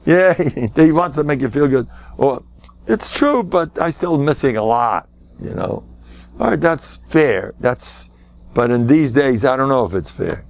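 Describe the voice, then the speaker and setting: An older man, a rabbi, giving a Torah lecture full of stories, with jokes thrown in and sudden high-pitched jumps for emphasis. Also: expressive, a little slow, vocal fry.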